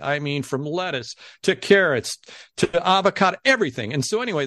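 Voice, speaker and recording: Guesting on a podcast, this man spins a story in a loose, lively way, voicing the people he quotes. His voice sits at a medium pitch, and there's no room sound.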